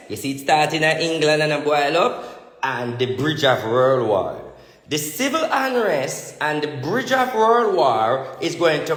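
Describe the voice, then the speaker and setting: A man's voice: fairly high pitch, a bit bright, roomy sound, big-room sound. A man with a Jamaican accent gives prophecy-style declarations in a vlog, emphatic and repeating his lines.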